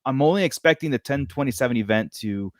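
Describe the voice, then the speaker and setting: This is a man in casual podcast conversation, chatty and quick to laugh. He trails off and restarts his thoughts freely. His voice sits at an average pitch, recorded close and dry with no room sound. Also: expressive, dry recording. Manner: chatty, laughs often, trails off mid-sentence. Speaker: podcast host. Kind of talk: casual livestream chat.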